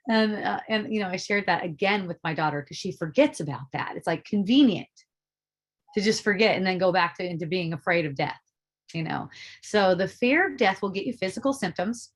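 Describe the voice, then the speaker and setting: A middle-aged woman giving a casual spiritual talk, animated and profane, laughing often as she speaks. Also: medium pitch, moderate pace. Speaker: spiritual teacher.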